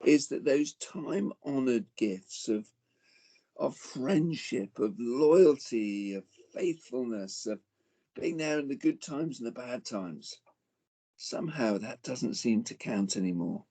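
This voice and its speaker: A man's voice: mid-range voice, expressive, takes it slowly, mellow. A man in his forties giving a motivational talk to parents, telling a personal story with dramatic swings and calling his listeners folks. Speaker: speaker addressing parents.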